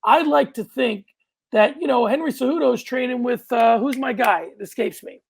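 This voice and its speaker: A man co-hosting a casual sports podcast, animated and rambling, with loud outbursts and frequent restarts. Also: extremely high pitch, moderate pace, creaky, slightly rough. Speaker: podcast co-host.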